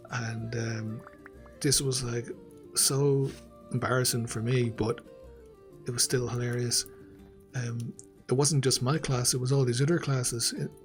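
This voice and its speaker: An Irish man hosts a gaming channel and tells a loose, rambling story, often breaking into laughter. Faint music plays beneath his voice. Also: medium pitch. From Ireland. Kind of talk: casual storytelling over gameplay.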